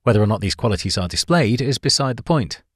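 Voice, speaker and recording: A man reading a scripted book summary in a clear, measured way, lifting his voice on signpost words. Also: mid-range voice, expressive, dry recording, clean studio sound. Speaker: narrator.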